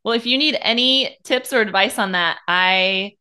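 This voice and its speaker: A woman with an American Midwestern accent, hosting a podcast interview with supportive, quick affirmations. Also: mid-range voice, bright, forceful tone, smooth. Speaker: podcast host. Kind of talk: casual interview.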